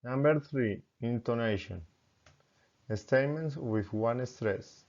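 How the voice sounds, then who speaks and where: A man who is a student, reading pronunciation drills aloud slowly and carefully, word by word. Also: mid-range voice, a little mellow, lo-fi sound.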